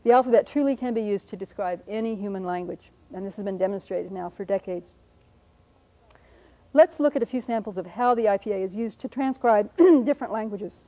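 A woman lectures on speech sounds in a patient, explanatory way, pausing with ums and correcting herself as she writes examples. Her voice is mellow and warm, at an ordinary pitch for a woman. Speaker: linguist lecturer. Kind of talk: radio lecture with whiteboard demonstration.

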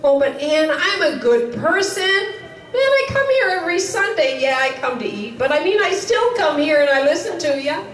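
A woman's voice: sits high, big pitch swings, normal speed, a bit bright, voice pushed up. A woman doing a smug, boastful churchgoer. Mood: self-satisfied. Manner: defensive, boastful. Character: smug self-satisfied churchgoer. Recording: roomy, distant, faint noise.

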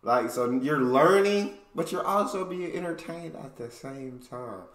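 A man's voice: fairly high pitch, unhurried, reverberant. An American man making a reaction video, chatting casually and enthusiastically to his viewers. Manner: relaxed, enthusiastic, says "bro".

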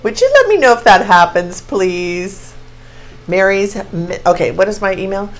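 A woman in her sixties giving a casual tarot reading to camera, excitable and gushing as she exclaims over each card. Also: medium pitch, normal speed, low-quality recording. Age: 60s. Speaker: tarot reader.

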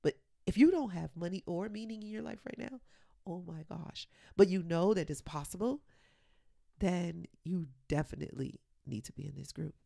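A woman hosting a motivational podcast, talking earnestly and encouragingly, sometimes dropping to a soft whisper for emphasis. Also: lowish voice, moderate pace, gravelly, no echo, clean studio sound. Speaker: podcast host and coach.

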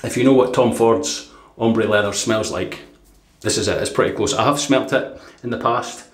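A man's voice: fairly low pitch, moderate pace. A Scottish man from Dundee chatting casually through a product review, rambling with fillers and chuckles. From Dundee, Scotland. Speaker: shaving vlogger. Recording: echoey room.

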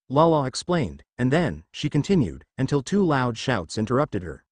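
Male narrator, fan story reading, lively pitch, dry close sound. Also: moderate pace, hardly any pauses, breathy edge, dry recording.

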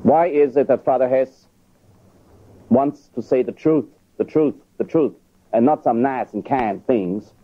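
A man's voice: mid-range voice, a little slow. Man lecturing on a tinny recording. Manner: emphatic, argues with rhetorical questions. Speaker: priest and theologian. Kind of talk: lecture on church teaching.

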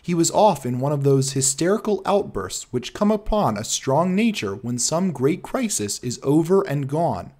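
A man narrating a classic detective story as an audiobook in an expressive storytelling manner. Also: fairly high pitch, normal speed, few pauses.

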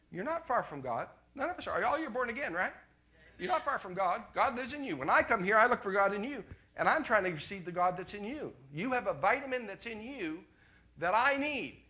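An older man preaching a sermon as pastor, animated, jumping from loud exclamations to quiet asides. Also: high-pitched.

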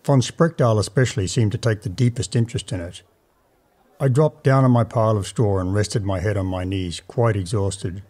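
A man reading a classic tale aloud in a measured, dramatic first-person narration. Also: lowish voice, a little mellow. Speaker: audiobook narrator.

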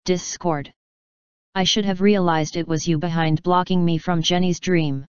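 A woman's voice: on the low side, fairly even intonation, moderate pace, clear, resonant tone, dry recording, muffled recording, lightly acted. A woman voicing a stern, regal princess of the night in a storybook reading, formal and commanding.

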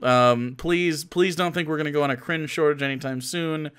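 A man's voice: fairly high pitch, normal speed, fairly bright tone, clear, resonant tone. A man streaming live, giving sarcastic, mocking commentary on videos. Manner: sarcastic, mocking, laughs often.

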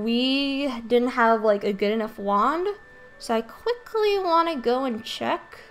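A woman casually commentating her own let's play, relaxed and chatty over faint game music. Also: high voice. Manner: relaxed, chatty, hesitant with fillers.

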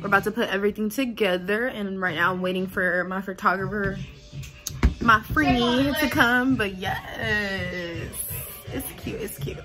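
A woman in her twenties talking to camera in a casual vlog, telling stories in an animated, slangy, emphatic way. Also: mid-range voice, unhurried, music in the background. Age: 20s. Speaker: vlogger.

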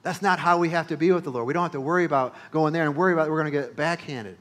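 A male pastor preaching a sermon, emphatic, repeating phrases and building to loud peaks. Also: a little high, very fast.

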